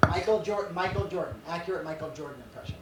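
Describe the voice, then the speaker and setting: A man's voice: sits high, fast talker, very noisy. A male stand-up comedian on stage, rambling through absurd bits and laughing at his own jokes.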